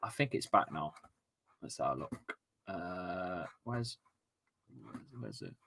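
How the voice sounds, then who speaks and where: A man with an East Midlands accent hosting a live football watchalong at home, full of excitable, sweary, rambling banter. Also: sits low, slow pace, gravelly, noisy background. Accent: East Midlands English. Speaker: host of a fan watchalong stream.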